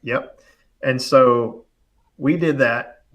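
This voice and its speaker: A man telling a long story in casual chat, animated and quick, full of fillers and acted-out quotes. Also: mid-range voice. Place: live online show, remote.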